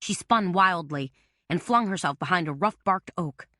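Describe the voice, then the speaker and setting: A woman narrating a mystery audiobook in a steady, tense storytelling manner. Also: on the low side, moderate pace, dry recording, studio quality. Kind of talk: scripted narration.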